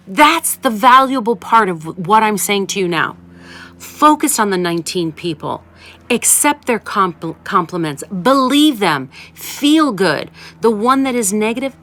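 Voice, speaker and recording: A woman hosts an advice show in a lowish voice, coaching listeners with emphatic repetition. Her sound is dry and close, with no room around it. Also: dry recording. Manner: warm, emphatic, coaching tone with repeated urgings. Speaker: podcast host and relationship advisor. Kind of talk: casual advice talk.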